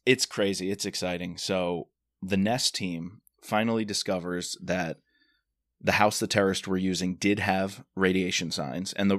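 Low-voiced man retelling a thriller plot. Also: no room sound, studio quality. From Washington DC area. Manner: animated retelling, acts out characters' lines. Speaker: podcast co-host discussing a novel. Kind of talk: casual chat.

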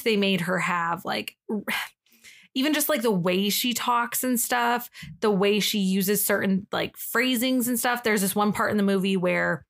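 A woman's voice: mid-range voice, creaky, fairly bright tone. A woman co-hosting a podcast, telling a story in casual chat with frequent fillers and giggles. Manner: chatty and giggly, with many "like" fillers. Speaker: podcast co-host.

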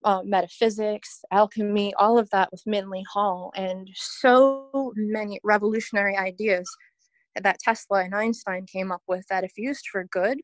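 A woman's voice: mid-range voice, steady tone, normal speed, no echo. A woman guest on a podcast, talking in a rambling, earnest way and laughing often. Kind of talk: casual podcast chat.

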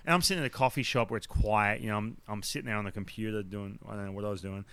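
A man's voice: fairly low pitch, fast talker, hardly any pauses, clean tone, no echo. A man telling a story in casual chat, acting out the quotes. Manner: animated storyteller, acts out quotes loudly. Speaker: podcast guest telling a story.

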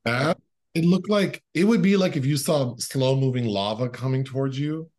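A man's voice: mid-range voice, normal speed, a little mellow. A man co-hosting a podcast, chatting casually about a film, joking and laughing often with lots of fillers. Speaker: podcast co-host.

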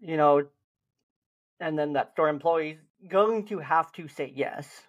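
A young man co-hosting a podcast, chatting casually and acting out gentle reassuring lines to a lost child. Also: a little high, slow pace, dull audio. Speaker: podcast host. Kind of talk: casual chat.

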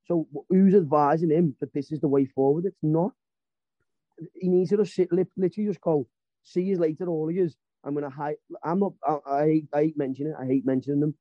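Bloke, swearing rant, fairly high voice, dry lo-fi sound. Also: male voice, fast talker, dry recording. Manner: swearing, emphatic ranting. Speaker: podcast panelist. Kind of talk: heated casual rant. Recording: dull lo-fi podcast audio.

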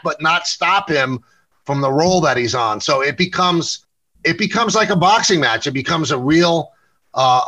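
A man's voice: a little high, bright, forceful tone, rough recording. A middle-aged man with a New York accent, a guest in a casual interview, telling stories and often repeating and correcting his words. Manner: storytelling, quick self-corrections, repeats words. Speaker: sportscaster and interview show host, guest here.

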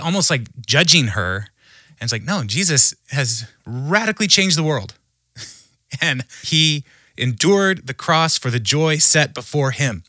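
A man speaking as a podcast guest who tells stories in an animated way and laughs often. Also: medium pitch, no echo, clean studio sound. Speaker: podcast guest, humor researcher. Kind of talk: conversational storytelling.

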